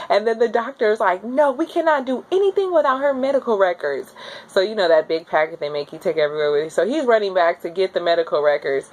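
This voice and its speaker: A young woman talks through her own birth story. She chats casually and now and then acts out what she yelled in a high, strained voice. Her everyday pitch sits in the middle for a woman. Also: fairly quick. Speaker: new mother telling her birth story.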